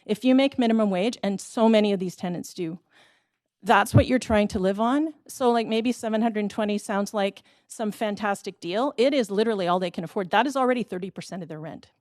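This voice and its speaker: A woman's voice: mid-range voice, brisk, darkish tone, no echo, clean studio sound. A woman in her thirties or forties speaking at a city council public hearing, impassioned and pleading, with brief laughs.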